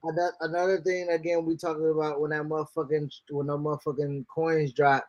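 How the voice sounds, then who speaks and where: A man co-hosting a wrestling podcast in casual chat, slangy and animated, cutting in and repeating himself for emphasis. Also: on the high side, fairly quick, dull audio. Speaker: podcast co-host.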